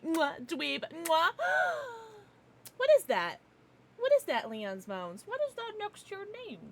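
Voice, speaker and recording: A young woman chatting casually on her gaming livestream, giggly and bubbly with loud, excited greetings. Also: fairly high pitch, a little hiss or hum. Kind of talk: casual gaming stream chat.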